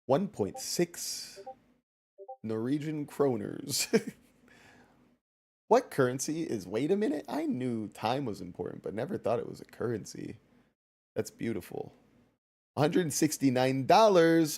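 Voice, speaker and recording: A man's voice: mid-range voice, very animated, slow, vocal fry, pauses often, dark tone. A man giving casual, jokey commentary while streaming a game, laughing often and chatting with his viewers.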